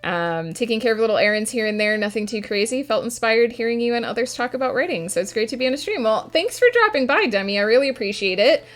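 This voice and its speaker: A woman's voice: on the high side, expressive, quick pace, hardly any pauses. A woman streaming a writing session, chatting casually with her audience and answering chat between filler words.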